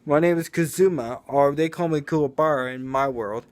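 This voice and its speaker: A man's voice: a little high, moderate pace, slight background noise, natural voice. A man voicing a brash young male street fighter who talks earnestly and insists on his point, repeating himself.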